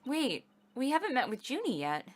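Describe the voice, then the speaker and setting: A woman's voice: high-pitched, wildly swooping pitch, normal speed, pitched above the performer's own voice, exaggerated voice. A woman voicing an eager young female defense attorney in a game dub, upbeat and determined.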